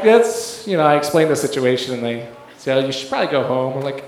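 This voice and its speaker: A man's voice: a little high, expressive, fairly quick, few pauses. A man shares a personal story at a church service, wandering through fillers and false starts. His voice echoes heavily around a large room, with faint noise underneath. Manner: rambling, full of fillers and restarts, laughs while telling. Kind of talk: sermon testimony.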